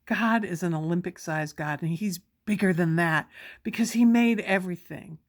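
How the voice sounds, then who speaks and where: A middle-aged woman telling a personal story in a casual, excited way, often quoting herself with exclamations. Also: on the low side, normal speed. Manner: excited, breathless retelling with quoted exclamations. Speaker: vlogger sharing a personal memory.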